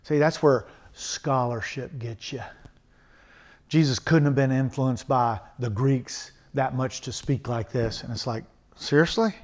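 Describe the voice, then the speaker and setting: A man preaching a sermon, emphatic and earnest, swinging from loud exhortation to quiet asides and mocking rhetorical questions. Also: medium pitch, steady tone, takes it slowly.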